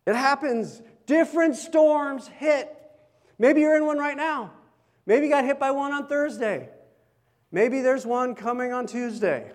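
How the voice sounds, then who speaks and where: A man with a high voice preaching at an unhurried pace. His sermon is chatty and full of questions to the congregation. The sound has the long reverb of a large hall. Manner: conversational, asks the congregation questions. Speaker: pastor.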